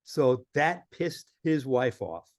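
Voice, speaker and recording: A man telling lively travel stories as a podcast guest, acting out the people he quotes. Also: medium pitch, slow, dry recording, clean studio sound. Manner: animated storyteller acting out quoted voices. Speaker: filmmaker guest. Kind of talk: storytelling in a podcast interview.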